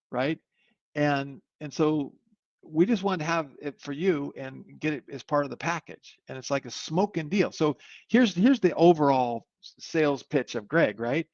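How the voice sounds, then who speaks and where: A man hosting a live webinar, demoing software in an upbeat, rambling sales manner. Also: a little high, animated, normal speed, no room sound. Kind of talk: live online product demo. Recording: slightly muffled dry audio.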